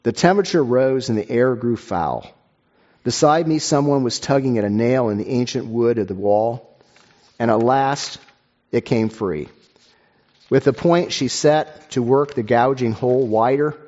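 A man preaches in a measured, earnest way and reads a story aloud to his listeners. His voice sits in the middle range and stumbles now and then over fillers and restarts. The recording is dull and lo-fi. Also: medium pitch, darkish tone. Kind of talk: sermon with read-aloud story.

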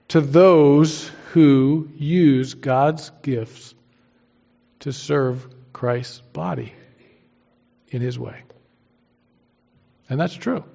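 A man's voice: on the high side, drawn-out words, vocal fry, long pauses, mellow. A man preaching a sermon as pastor, emphatic and using homely everyday analogies. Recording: dull lo-fi sermon recording.

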